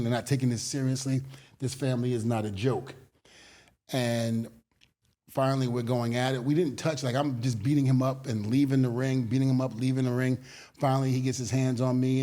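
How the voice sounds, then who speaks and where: A middle-aged man, a guest in an interview, telling animated stories in a casual way and laughing often as he goes. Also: mid-range voice.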